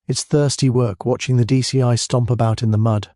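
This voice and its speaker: Narrator doing a laid-back country cop, murmury, mellow dark voice, dry. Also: male voice, mid-range voice, fairly even intonation, a little fast, dry recording, close to an everyday voice. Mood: easy. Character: easygoing rural police sergeant, man, unhurried.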